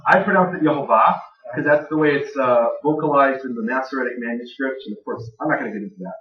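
A man's voice: medium pitch, fast. A man giving a conversational Bible teaching to a live audience, plain-spoken with dry jokes. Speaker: Bible teacher speaking to a gathering. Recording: dull, echoey room recording from far off.

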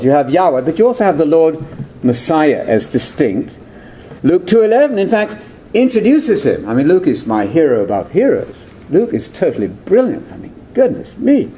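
A man's voice: on the high side, dark tone. An older man giving a theological lecture, digressive and full of rhetorical questions.

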